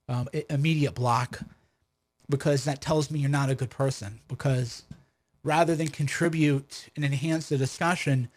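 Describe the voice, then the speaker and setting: A man hosting a livestream commentary, combative and full of rhetorical questions and restarts. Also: a little high. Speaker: commentator and host of his own stream.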